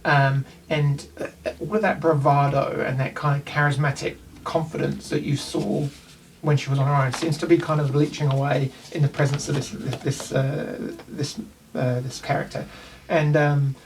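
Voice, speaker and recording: A man's voice: a little high, level tone, moderate pace, few pauses, distant mic, slight background noise. A man with a New Zealand accent narrating a tabletop game as game master, in a loose, rambling way.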